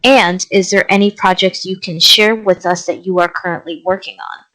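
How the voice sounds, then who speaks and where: A woman hosting an interview, asking questions and affirming her guest warmly. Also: fairly low pitch, steady tone, normal speed, low-quality recording. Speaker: interview host.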